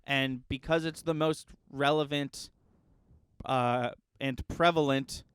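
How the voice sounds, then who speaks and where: A man's voice: mid-range voice, fairly even intonation, slow, clear, resonant tone, dry recording, clean studio sound. A man co-hosting a casual movie podcast, easygoing and chatty, prone to giggling. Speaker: podcast co-host. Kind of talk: casual movie review chat.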